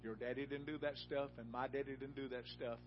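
A man preaching a sermon in a church, telling a folksy personal story that rises to loud, emphatic peaks. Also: mid-range voice, flat delivery, a little fast, lo-fi sound, music in the background.

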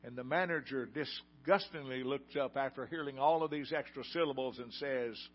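A man's voice: medium pitch, normal speed, few pauses. An older man preaching a sermon in a folksy storytelling way and putting questions to the congregation. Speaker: pastor. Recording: dull lo-fi sound.

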